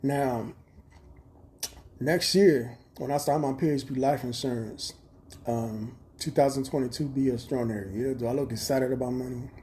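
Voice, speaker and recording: A man talks straight into his phone on a livestream. His voice is mellow and dark-toned. He rambles bluntly and swears freely in a streetwise way. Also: medium pitch, fairly even intonation, moderate pace, slight background noise. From Chicago. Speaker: livestream host. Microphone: phone camera.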